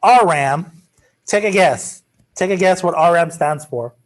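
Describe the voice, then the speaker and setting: A man's voice: sits high, measured pace. A male math teacher giving a classroom lecture in a casual, joking way, drifting into chatty asides.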